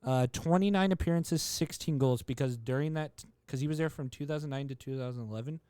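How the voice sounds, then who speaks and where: A man co-hosts a relaxed podcast and talks in a loose, rambling way. He strings thoughts together with many fillers and restarts, and his voice sits at an ordinary middle pitch. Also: brisk, clear, resonant tone. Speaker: podcast co-host. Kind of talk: casual chat.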